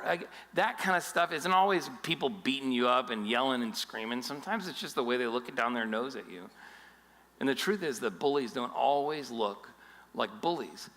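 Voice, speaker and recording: A male pastor giving a sermon in an animated storytelling style with jokes along the way. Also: mid-range voice, normal speed, long reverb tail.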